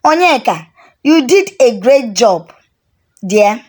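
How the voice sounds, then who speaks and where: A smooth, charming schemer with an American accent, as a woman storyteller puts him on. He sounds breezy and a bit bossy, and his voice rides fairly high. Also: big pitch swings, slow, darkish tone, exaggerated voice. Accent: put-on American. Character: smooth-talking scheming man posing as a rich American.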